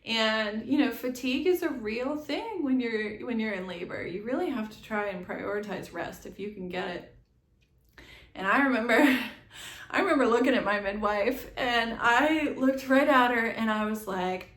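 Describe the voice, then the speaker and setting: A young adult woman telling her own birth story in a chatty, animated way, with many quick asides and laughs. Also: fairly high pitch. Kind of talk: casual storytelling to camera. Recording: echoey room.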